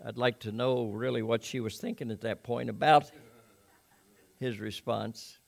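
A man preaching, with a steady mid-range voice and a gravelly texture. He reads scripture and then chats with his listeners in a folksy way. His delivery rises for emphasis and drops into quiet asides. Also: medium pitch, unhurried. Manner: conversational with asides to the congregation. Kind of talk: sermon.

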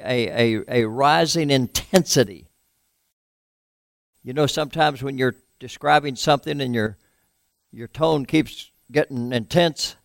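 A male pastor giving a sermon in a conversational way, asking his listeners questions and letting his voice drop low and soft at times. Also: no room sound, clean studio sound.

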